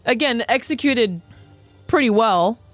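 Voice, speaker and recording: A man's voice: very high voice, lively intonation, unhurried, a bit bright, faint music behind. A man co-hosting a podcast in casual chat, encouraging and often laughing. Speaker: podcast co-host.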